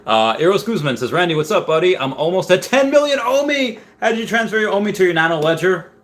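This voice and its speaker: A man's voice: high voice, very animated, fast, fairly bright tone. Rambling young man reading chat comments. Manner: rambling, reads viewer comments aloud. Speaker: livestream host. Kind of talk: casual livestream chat. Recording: faint background noise.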